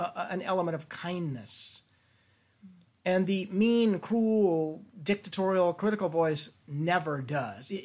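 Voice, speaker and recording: Playful husky-voiced man. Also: fairly high pitch. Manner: playful, animated, many restarts. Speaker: guest, creative thinking consultant. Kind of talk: casual interview chat.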